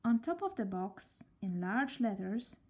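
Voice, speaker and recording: Storyteller: gentle woman, slow read-aloud, mellow and breathy, hushed. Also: medium pitch, very animated. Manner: gentle, often near a whisper.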